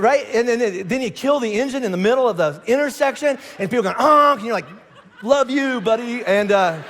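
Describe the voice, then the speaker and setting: A middle-aged man preaching a sermon, telling stories with animated asides and frequent restarts, in a large church auditorium. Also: sits high. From Indiana. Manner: animated storytelling with lots of restarts and acted asides. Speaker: pastor. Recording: long hall reverb.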